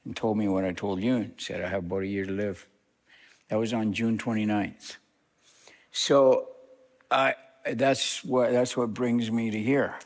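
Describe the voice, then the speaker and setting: A man's voice: on the low side, fairly even intonation, unhurried. A man who is a visiting minister, giving a plain-spoken personal testimony to a church congregation. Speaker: guest minister. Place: church sanctuary. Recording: long church reverb.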